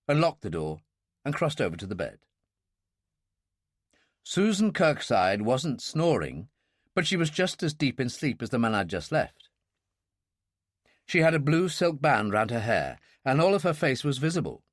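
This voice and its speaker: Man reading a thriller with lively inflection. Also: medium pitch, no echo, studio quality. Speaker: audiobook narrator. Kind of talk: scripted first-person thriller narration.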